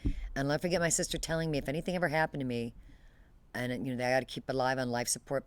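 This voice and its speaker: A woman's voice: rumbling low, level tone, racing, clear, resonant tone, no room sound. A woman interview guest telling a painful personal story in a detached, matter-of-fact way, often restarting and trailing off mid-phrase.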